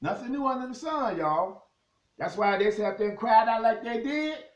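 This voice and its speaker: Reading scripture aloud and talking straight to the crowd, whom he keeps calling "y'all," a man delivers an animated sermon. His voice is very high-pitched at normal speed, in an echoey room.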